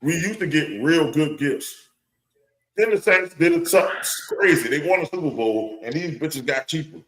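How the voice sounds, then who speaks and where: A man's voice: on the high side, animated, normal speed, rough recording. A man with a New Orleans accent, co-hosting a sports podcast in casual, profane chat, laughing often. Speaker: podcast co-host.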